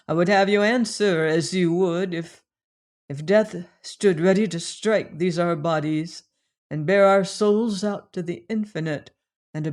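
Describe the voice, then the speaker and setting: A woman's voice: lowish voice, darkish tone, close to an everyday voice. Reader voicing a proud, wounded young woman. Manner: pleading, then fiercely proud. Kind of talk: audiobook character reading.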